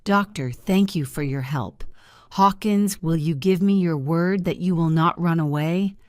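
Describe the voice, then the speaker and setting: A woman reading the lines of a stern but caring male ship's doctor in a storybook, firm and measured. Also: fairly low pitch, a little mellow, no room sound, lightly acted.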